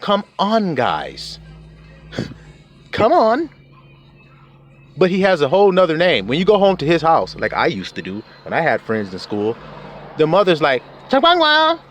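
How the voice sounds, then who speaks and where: A man's voice: fairly high pitch, very animated, normal speed, soft background music. A man preaching in a casual, emphatic way, cursing freely and chuckling often. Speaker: religious teacher. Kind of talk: informal preaching rant.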